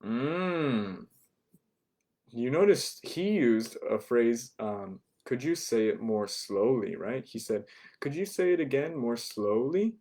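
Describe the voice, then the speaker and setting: A man's voice: mid-range voice, expressive, a little mellow. Man, language teacher, patient explaining, repeats phrases, asks "right?". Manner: repeats phrases slowly for learners. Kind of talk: online beginner language lesson.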